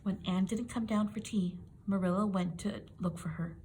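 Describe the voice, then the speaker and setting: A woman reading a children's picture book aloud for young listeners. Her delivery is gentle, clear and expressive, with a faint noise underneath. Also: medium pitch, normal speed. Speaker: storybook reader.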